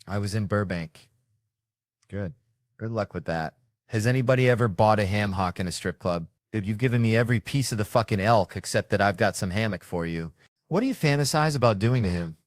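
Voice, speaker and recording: Man, fairly low voice, comic storyteller, profane rambling anecdotes, dry close sound. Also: no room sound. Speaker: comedian telling stories. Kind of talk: stand-up storytelling.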